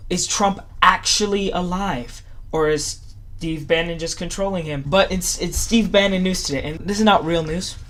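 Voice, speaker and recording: A man's voice: high-pitched, normal speed, sharp tone. A man giving casual reaction commentary in a sarcastic, mock-enthusiastic ranting way. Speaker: YouTube commentator.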